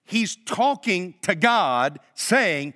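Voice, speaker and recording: A pastor delivers a sermon in a high, ringing voice. He talks straight to his congregation and leans on rhetorical questions to keep them with him. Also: big pitch swings, extremely slow, bright, forceful tone. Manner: conversational preaching with rhetorical questions; addresses congregation directly.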